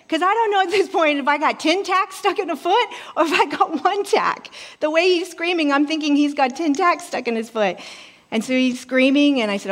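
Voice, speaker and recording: A woman pastor in her forties preaching a sermon in a church, telling a story in an animated way and acting out voices. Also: sits high, brisk. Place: church sanctuary. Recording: reverberant hall.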